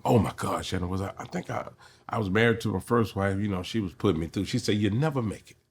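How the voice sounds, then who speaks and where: A man's voice: low-pitched, fast, a little hiss or hum. A middle-aged man, a comedian telling stories in an interview and acting out the voices of people in them. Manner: animated storyteller, acts out quotes. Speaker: comedian guest. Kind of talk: storytelling interview.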